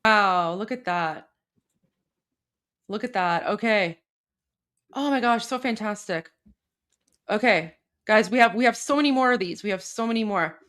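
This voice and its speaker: A woman hosting a casual commentary show, reacting to clips with excited exclamations and talking straight to her viewers. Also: medium pitch, unhurried, pauses often. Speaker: political commentary host.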